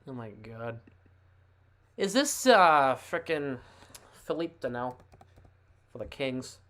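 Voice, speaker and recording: Guy running a live hockey scoreboard stream, chatty and excitable, figuring stuff out out loud. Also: medium pitch, slow. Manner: thinking aloud, chatty and excitable. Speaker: livestream host. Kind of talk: casual live sports commentary.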